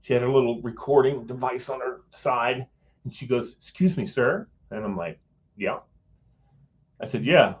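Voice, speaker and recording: The recording is lo-fi, and the man's voice is mid-range at normal speed. He's a middle-aged guest recounting a personal story in casual conversation, animated, acting out quoted voices, and chuckling as he goes.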